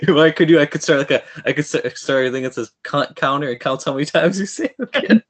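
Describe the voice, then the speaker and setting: A man's voice: fairly high pitch, fast talker. A young adult man hosting a podcast interview, eager and fanboyish, often restarting his sentences. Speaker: podcast host. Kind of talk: casual interview chat.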